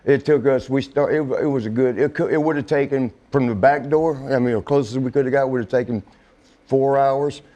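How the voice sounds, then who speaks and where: A middle-aged man telling a casual story, laughing often and swearing, acting out quotes in a higher voice. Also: fairly even intonation, brisk, dark tone. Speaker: interview guest.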